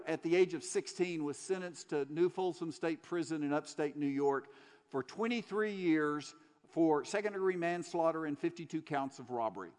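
Preacher guy, voice sits a bit high, earnest storytelling, hammering points with repeats, big echoey church hall. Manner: earnest storytelling, emphatic repetitions. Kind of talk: sermon. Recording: long hall reverb.

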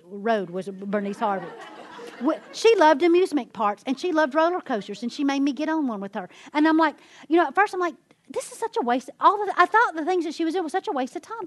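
A woman giving a sermon-style testimony, an animated storyteller who acts out the quotes she tells. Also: fairly high pitch, no room sound. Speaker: women's ministry speaker.

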